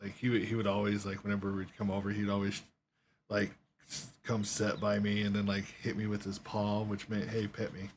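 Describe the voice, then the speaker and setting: A man's voice: on the low side, completely flat delivery, a little fast, a little hiss or hum. A man telling a long story while playing a game, rambling along with lots of swearing and quoted voices. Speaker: gaming streamer.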